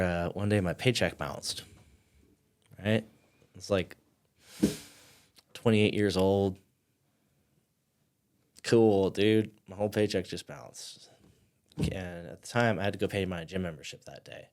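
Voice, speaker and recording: A man in his thirties, a podcast guest, telling a personal story in loose casual talk, full of fillers and dropping to near-whispers. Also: sits low. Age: 30s.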